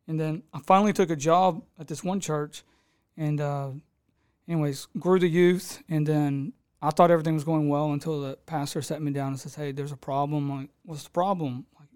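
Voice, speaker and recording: A man's voice: on the high side, darkish tone, smooth. A man, a pastor recounting how he came to plant his church, acting out the people he quotes. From Texas. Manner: storytelling, acts out quoted people, laughs easily. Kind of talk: telling his story in a casual interview.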